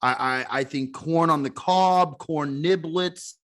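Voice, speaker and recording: A man co-hosting a podcast in casual chat, animated and self-interrupting, laughing often. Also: a little high, a little slow. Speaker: podcast co-host.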